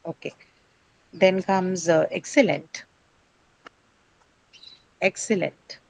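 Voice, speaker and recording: Low-voiced woman teaching pronunciation. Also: steady tone, takes it slowly, creaky, no room sound, rough recording. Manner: patient, explanatory, asks questions then answers them, frequent "right?". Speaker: English teacher. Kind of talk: pronunciation lesson to a class.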